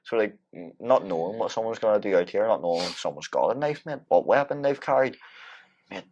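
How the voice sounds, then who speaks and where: Low-voiced man, "mate"-heavy chat. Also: a little fast, dull audio. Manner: relaxed, says "mate" constantly. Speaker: podcast guest. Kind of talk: casual chat.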